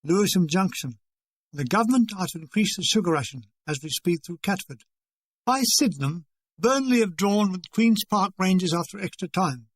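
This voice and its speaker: A man's voice: high voice, lively intonation, moderate pace, dry recording. Wry older man reading his memoir. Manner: dry, wry and conversational, acting out remembered dialogue.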